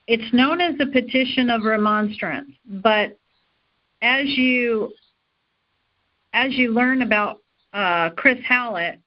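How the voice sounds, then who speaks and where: Lady running a study call, slow and hesitant, kinda muffled line. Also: fairly high pitch. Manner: hesitant, apologetic, many fillers. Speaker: study group host. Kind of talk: casual discussion on a conference call. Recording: dull lo-fi call audio.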